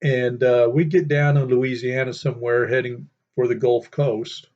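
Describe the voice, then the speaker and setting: A man's voice: medium pitch, steady tone, moderate pace, a little mellow. An older man reminiscing in a casual, rambling way, full of fillers. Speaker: storyteller. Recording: dull lo-fi sound.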